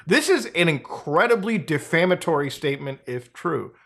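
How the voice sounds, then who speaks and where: A man hosting a casual commentary video, blunt and sarcastic, swearing freely and jumping up in pitch for emphasis. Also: very animated, moderate pace, creaky, fairly bright tone. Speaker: host.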